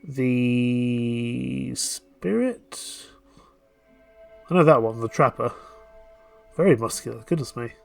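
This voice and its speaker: A man's voice: medium pitch, a little fast, gravelly, long pauses, husky, soft background music. A man playing a dating game on stream, reading its narration aloud and dropping playful, jokey asides.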